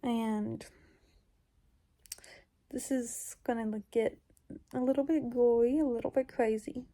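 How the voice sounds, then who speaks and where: A woman's voice: a little high, fairly even intonation, slow pace, dark tone. A woman recounting a dream in casual, rambling storytelling, full of fillers and sometimes dropping into whispers. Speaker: YouTuber.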